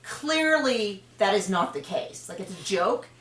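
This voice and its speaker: A woman hosting a podcast, chatting frankly and opinionatedly about a reality show, with quick asides and self-corrections. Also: mid-range voice, animated, fairly bright tone. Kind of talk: casual opinionated chat. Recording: roomy distant mic.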